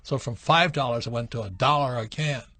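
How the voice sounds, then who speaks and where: A man's voice: medium pitch, brisk, no room sound. A man hosting a radio call-in show, telling stories from his youth in a casual storytelling way. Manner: storytelling, animated when acting out quotes. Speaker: radio show host answering questions.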